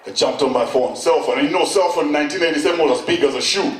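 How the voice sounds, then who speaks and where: Middle-aged Kenyan man, stand-up storyteller, higher voice, lively, heard from afar in a roomy hall. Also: rapid-fire, far from the mic, a crowd in the background. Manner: animated, acts out voices and shouts. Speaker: stand-up comedian. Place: event hall on stage. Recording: echoey hall, mic from afar, noisy.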